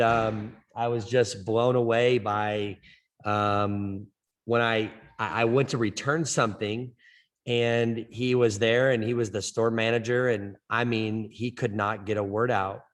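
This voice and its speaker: This is a man with a fairly low voice who stutters, chatting casually as an interview guest. He repeats words and restarts sentences often. His tone stays earnest and upbeat. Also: fairly bright tone. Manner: stutters, with frequent word repetitions and restarts. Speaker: softball coach.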